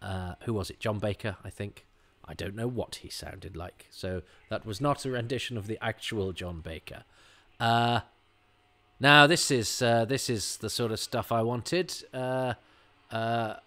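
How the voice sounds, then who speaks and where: A man giving a chatty, rambling watch-along commentary on an episode, full of restarts and animated asides. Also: on the low side, measured pace.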